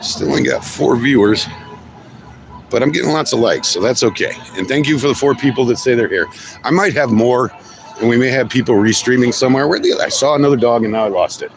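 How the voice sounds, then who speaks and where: A man talks casually as he walks through an outdoor street protest on a livestream, friendly and amused while chatting with strangers. His voice is medium-pitched, a little fast and creaky, with music playing behind him. He films on a handheld phone, and the street is noisy with ambient sound and traffic.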